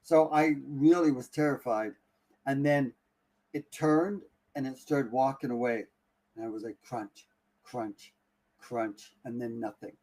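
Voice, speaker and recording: A man in the middle of his own range, telling a story casually on a live talk stream. He keeps restarting his sentences and drops to a hush at the tense parts. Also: medium pitch, normal speed. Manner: animated, breathless retelling with many restarts. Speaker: guest.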